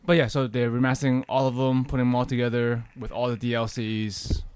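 A man co-hosting a casual podcast chat about games and collectibles, easygoing and trailing off quietly at the ends of thoughts. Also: medium pitch, level tone, fairly quick, clean tone. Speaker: podcast co-host.

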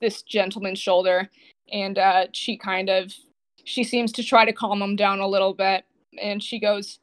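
A woman's voice: mid-range voice, little pitch movement, moderate pace. A woman narrating as game master of a tabletop game, loose and jokey, often laughing.

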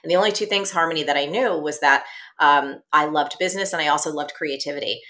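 Low-voiced woman telling a lively story. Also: quick pace. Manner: lively, animated storytelling with acted-out quotes. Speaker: guest, entrepreneur and business coach. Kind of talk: storytelling in a casual interview.

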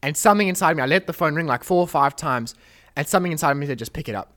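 An earnest young podcast host shares an emotional testimony during a casual chat, telling the story animatedly and quoting prayers aloud. His voice is on the high side and racing.

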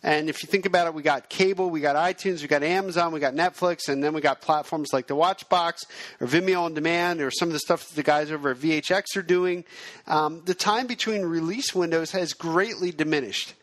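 A male podcast host who explains things in a steady, self-described monotone. His voice sits a little high and sounds close and dry, with no room around it. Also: a little fast, dry recording. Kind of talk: podcast monologue.

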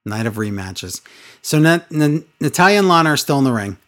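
A very deep, animated female voice delivers the story briskly. She's a co-host on a casual wrestling recap podcast, full of sarcastic exasperation and mocking impressions.

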